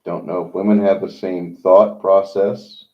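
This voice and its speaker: A man's voice: low voice, little pitch movement. A man hosting a livestream, talking in a rambling, opinionated monologue with many halts. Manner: rambling, opinionated, halting with fillers. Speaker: livestream host. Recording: dull lo-fi sound.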